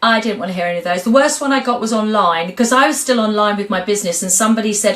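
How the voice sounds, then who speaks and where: A woman's voice: mid-range voice, fast, hardly any pauses. A middle-aged woman talking frankly and expressively as an interview guest. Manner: frank, expressive, animated storyteller. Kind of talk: candid interview conversation.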